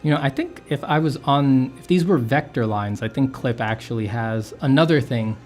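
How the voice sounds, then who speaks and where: A man at a middle pitch talks loosely through his drawing process, often restarting his sentences and correcting himself. The delivery is relaxed and jokey, like livestream chat. Faint music plays underneath. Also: moderate pace. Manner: rambling, self-correcting, jokey. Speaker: artist streaming a drawing session. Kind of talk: casual livestream teaching.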